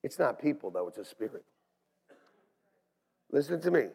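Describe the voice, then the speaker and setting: A man preaching a sermon as pastor in a church, animated and swinging between hushed asides and shouts. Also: mid-range voice, normal speed, gravelly, husky. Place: church sanctuary. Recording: long hall reverb.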